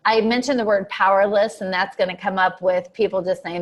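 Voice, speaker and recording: A woman's voice: medium pitch, fairly even intonation, a little fast. A woman coach teaching an online lesson for coaches, explaining steadily with frequent fillers and acting out client quotes. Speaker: coach trainer.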